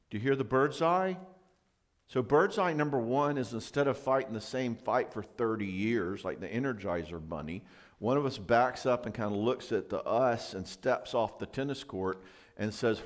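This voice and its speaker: A middle-aged man gives a marriage seminar talk to a live audience. He tells stories in a lively way and acts out both sides of a couple's quarrel. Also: medium pitch, normal speed.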